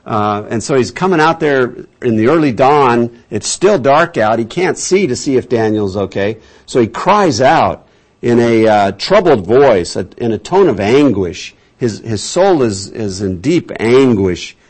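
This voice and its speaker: With a medium-pitched voice, lively intonation and an unhurried pace, this man preaches a conversational sermon teaching the Bible. He's a pastor with a folksy, chatty storytelling style who restarts often.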